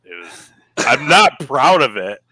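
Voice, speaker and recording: Bright, dry-voiced laid-back man. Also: mid-range voice, very animated, unhurried, dry recording. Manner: laid-back, jokey, calls people brother. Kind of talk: casual podcast chat.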